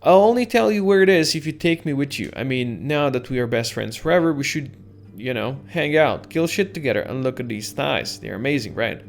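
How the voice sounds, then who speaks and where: A man's voice: medium pitch, lively intonation, brisk, gravelly, soft background music. A man doing a vain, boastful horned warrior. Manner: showy, bragging about his thighs.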